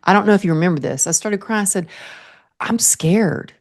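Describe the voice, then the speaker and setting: A woman hosting a podcast interview, telling a story in an earnest, animated way and laughing often. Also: medium pitch, racing. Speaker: podcast host.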